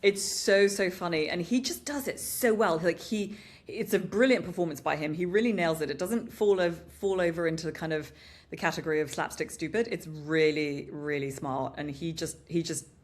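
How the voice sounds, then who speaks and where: A British woman co-hosts a podcast, talking casually and animatedly about advertising in an upbeat marketing discussion, frequently saying "you know." Her voice is fairly low in pitch and her pace is moderate.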